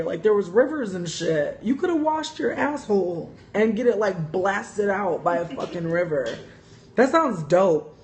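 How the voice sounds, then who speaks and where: A young woman hosting a casual livestream, telling profane, animated stories full of "like" and laughter while reading viewer comments. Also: medium pitch, a little slow, a little hiss or hum.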